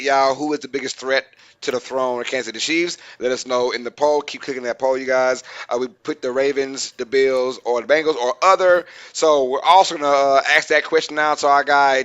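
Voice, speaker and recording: Young male podcast co-host, animated and slangy, bright tone. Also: fairly high pitch, clean tone. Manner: animated storyteller, slangy, laughs often. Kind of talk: casual sports chat.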